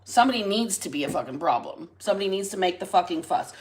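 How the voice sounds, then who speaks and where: A woman with an everyday middle-pitched voice hosts a tarot-reading livestream. She talks in a loose, chatty way into a webcam mic, blunt and quick to swear. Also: lively intonation, low-quality recording. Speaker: tarot reader and livestream host.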